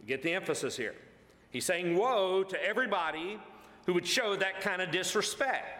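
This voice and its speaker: A male pastor with a high, bright voice, teaching scripture in an earnest, emphatic way and often pausing on "uh" or restarting a phrase. His words ring out with a long, echoing reverb. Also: animated. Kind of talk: verse-by-verse Bible teaching. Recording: echoey hall with long reverb.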